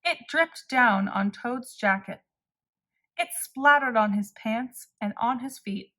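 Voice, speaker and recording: A woman reading a picture-book story aloud to children in a slow, expressive way. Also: on the high side.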